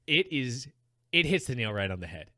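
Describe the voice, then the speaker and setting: Man, casual chat, bright voice, dry close sound, rambling, laughs a lot. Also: mid-range voice, sing-song, normal speed, dry recording. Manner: rambling, chatty, laughs often.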